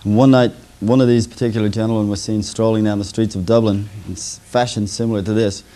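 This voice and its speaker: A man telling stand-up jokes on a lo-fi 1980s local television broadcast. His voice sits low and dark, mellow in tone. He slips into small put-on voices for the drunk characters in his jokes. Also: little pitch movement, quick pace. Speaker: stand-up comedian.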